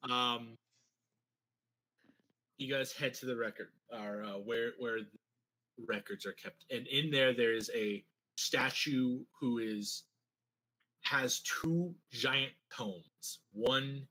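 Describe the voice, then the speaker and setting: Husky-voiced man narrating as game master. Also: medium pitch, slow pace, pauses often, rough recording. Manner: relaxed, filler-heavy narration.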